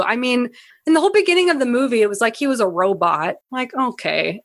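A young woman co-hosting a movie podcast, blunt and profane, ranting with animated energy. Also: on the high side, quick pace, no room sound. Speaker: podcast co-host. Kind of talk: casual movie review chat.

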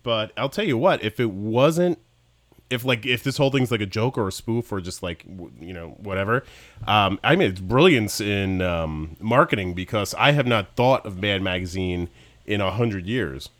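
Chatty podcast dude, rambly, swoopy lively voice, no room sound. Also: male voice, lowish voice, normal speed, dry recording. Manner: rambling, self-interrupting storyteller. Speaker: podcast co-host. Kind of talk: casual chat.

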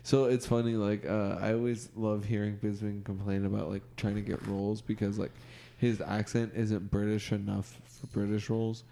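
Low gravelly laid-back man. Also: flat delivery, normal speed, hardly any pauses, mellow. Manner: laid-back, says "dude" and "like" a lot. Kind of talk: casual chat.

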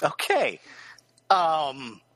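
A man talks slowly while playing a text game, his pitch swinging widely. His bright voice sits in a dry, close sound, and he hedges with ums before tossing out dry jokes. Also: very animated, no room sound. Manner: hesitant, with many ums, dry joking asides. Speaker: guest player. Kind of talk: casual chat playing a game.

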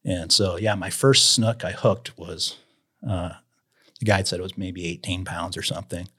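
A man's voice: sits low, moderate pace, breathy edge. A man from Idaho, a guest, telling fishing stories casually and acting out the voices of people in them. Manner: animated storyteller acting out quotes. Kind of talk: casual storytelling.

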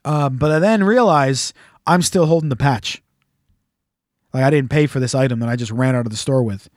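A man's voice: medium pitch, normal speed, no room sound, studio quality. A man hosting a casual chat, telling a rambling, profane, jokey story. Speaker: podcast host.

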